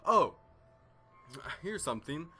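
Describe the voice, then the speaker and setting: A man's voice: a little high, big pitch swings, takes it slowly, bright, forceful tone, slightly rough, soft background music. A teenage boy telling a rambling story in casual chat over gameplay, full of fillers and self-deprecation. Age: teens. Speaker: gaming vlogger.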